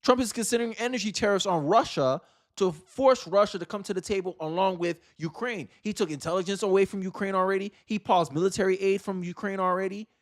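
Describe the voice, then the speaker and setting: A man with a fairly high voice talks on his own livestream. He delivers opinionated political commentary with heavy emphasis, often circling back to repeat a phrase for effect. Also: fairly quick. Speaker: livestream host.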